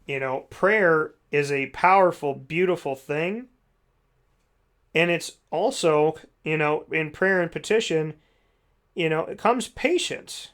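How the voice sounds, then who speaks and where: A man's voice: on the high side, slow, a bit bright. A man hosting a talk show, telling a parable in a folksy, filler-heavy way and acting out the voices in it. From United States. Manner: folksy, with many fillers, acts out voices in the story. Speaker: radio show host. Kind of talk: reflective talk with a told parable.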